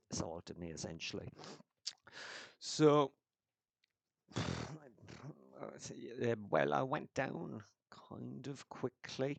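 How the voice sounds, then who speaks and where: A man telling a story in a casual, profane rant, sardonic and halting with frequent restarts. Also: sits low, gravelly, dry recording. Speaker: vlogger.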